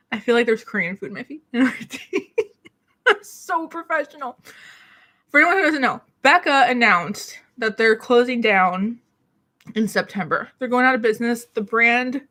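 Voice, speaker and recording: Her voice sits on the high side, bright and pushed, as this beauty YouTuber rambles through a casual, self-deprecating home vlog. Recording in a small city apartment alcove, she is a little out of breath and coughs occasionally.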